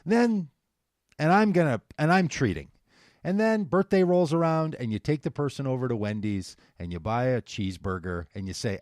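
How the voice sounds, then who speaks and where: A man's voice: mid-range voice, lively intonation, moderate pace, a little mellow, no room sound, clean studio sound. A man hosting a political talk radio show, delivering an impassioned, sarcastic monologue and taking calls.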